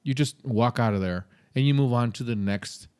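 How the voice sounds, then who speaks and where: Male podcast host, mid-pitched, casual and blunt, talking advice straight to the listener. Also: moderate pace, darkish tone, smooth. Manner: blunt, conversational, with mild swearing.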